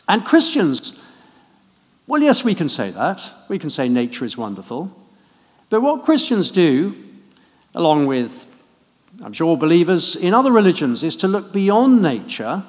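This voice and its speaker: A man from England preaching a harvest sermon in a church, conversational and gently humorous. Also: a little high. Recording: long church reverb.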